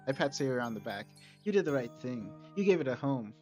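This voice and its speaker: A man streaming a playthrough, reading the narration aloud and breaking off for relaxed, chatty asides. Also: mid-range voice, fast, few pauses. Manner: relaxed, chatty, self-correcting. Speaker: streamer reading a visual novel mod. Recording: slightly dull with soft music.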